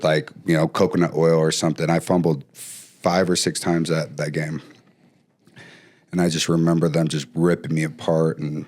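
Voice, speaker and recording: A man talking as a podcast guest, telling stories casually with lively bursts and frequent restarts. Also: sits low. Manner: animated, trails off and restarts often. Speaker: podcast guest, former pro football player. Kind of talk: casual storytelling.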